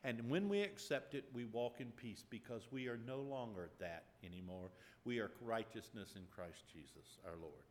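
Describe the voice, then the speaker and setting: A male pastor telling a personal story in a sermon, earnest, with sudden loud bursts when he acts out voices. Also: medium pitch, animated, normal speed. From Ukraine. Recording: long hall reverb.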